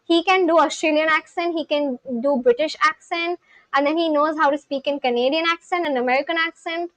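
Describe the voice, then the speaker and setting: A woman's voice: sits high, fairly even intonation, brisk, fairly bright tone, no echo, low-quality recording. A woman live-streaming, chatting casually with her viewers as she reads and answers their messages.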